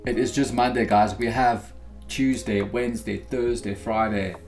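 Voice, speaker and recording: A man's voice: on the low side, a little slow, faint music behind. A man hosting a live futures day-trading stream, chatting casually to viewers as he talks through his trades. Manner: relaxed, chatty, addresses viewers as guys.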